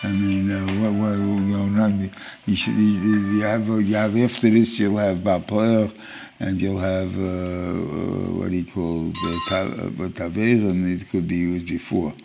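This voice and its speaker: A man giving an informal Torah lecture as a rabbi, halting and restarting as he searches for words. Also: deep voice, level tone, vocal fry, warm tone, soft background music. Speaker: rabbi teaching a weekly Torah class.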